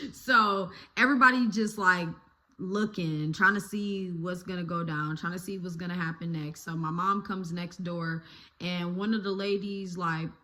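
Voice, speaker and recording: A young woman YouTuber telling a childhood story in a casual, animated way, laughing and cursing freely. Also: lowish voice.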